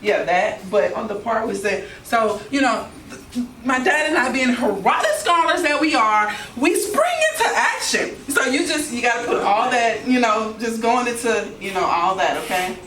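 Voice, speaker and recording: A woman directing actors in rehearsal, explaining each beat and checking in with "okay?" as she goes. She is picked up from off-mic in a roomy space. Clear noise runs beneath her. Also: fairly high pitch, normal speed, hardly any pauses, fairly bright tone, distant mic. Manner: instructive, repeating "okay?" to check understanding. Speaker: film director.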